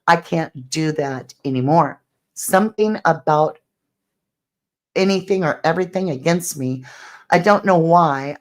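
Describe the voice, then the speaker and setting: A woman hosts true crime commentary in a low, unhurried voice. She reads out messages and poses speculative questions as she walks through the case. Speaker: true crime channel host.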